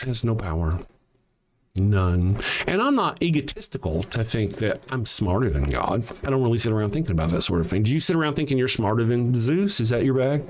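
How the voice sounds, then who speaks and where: Sarcastic man with a lively, swinging voice. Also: medium pitch, slight background noise. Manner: sarcastic, mocking rhetorical questions, profane. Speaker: livestream host. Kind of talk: livestream commentary reading chat.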